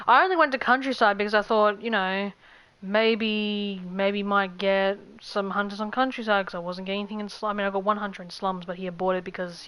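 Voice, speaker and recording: A woman's voice: mid-range voice, a bit bright, clear, resonant tone, rough recording. A woman game streamer chatting casually to her viewers, rambling with frequent restarts and stumbles.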